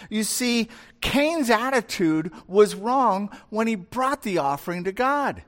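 A man's voice: high-pitched, slow pace. A male pastor delivering a conversational sermon, retelling scripture with acted voices. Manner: conversational, animated storyteller.

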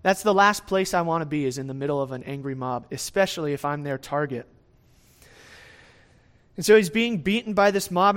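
A male preacher teaches through a scripture passage in an easy, conversational sermon. His voice sits a touch higher than most men's. He leans into phrases with bursts of energy, then drops back down, and keeps checking in with his listeners. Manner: conversational, often asks "right?" to the listeners; lively swings in loudness, speeds up and slows down.

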